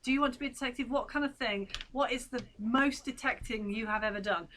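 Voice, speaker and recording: A woman's voice: a little high, quick pace, fairly bright tone, slight background noise. A middle-aged woman co-hosting a casual live stream, chatty and chirpy with bursts of laughter.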